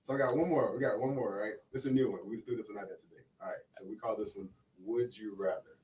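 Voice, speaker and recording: A man's voice: fairly even intonation, fast talker, darkish tone. A man hosting a podcast, chatting casually and teasing his guests, laughing easily. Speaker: podcast host. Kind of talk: casual chat. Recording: roomy, distant mic, faint rumble.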